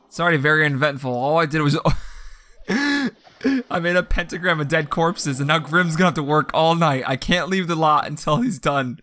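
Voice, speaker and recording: A man doing goofy, dark-humored let's play commentary, bursting into laughs and yelps. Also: fairly high pitch, animated, moderate pace. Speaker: gaming YouTuber.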